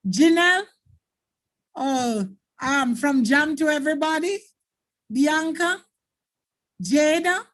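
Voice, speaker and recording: A Jamaican woman teacher running a live online exam-prep lesson, explaining patiently and thanking viewers by name. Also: fairly high pitch.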